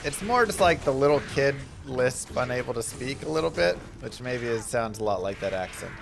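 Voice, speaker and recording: Gravelly-voiced man streaming a game. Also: mid-range voice, animated, moderate pace, over music. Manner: chatty, storytelling about family between game tips. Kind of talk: casual gameplay commentary.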